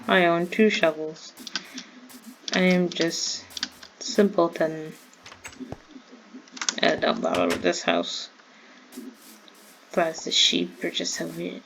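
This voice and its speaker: A woman's voice: on the low side, fairly even intonation, takes it slowly, creaky, pauses often, background noise. A woman from the American South chatting in a rambling way while playing a game, easily startled. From Southern United States. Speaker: gamer. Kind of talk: casual Minecraft commentary.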